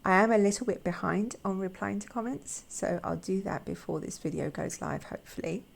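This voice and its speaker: A woman hosting an art channel, chatting casually with a croaky voice, gushing and halting with repeated words. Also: mid-range voice. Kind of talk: casual chat.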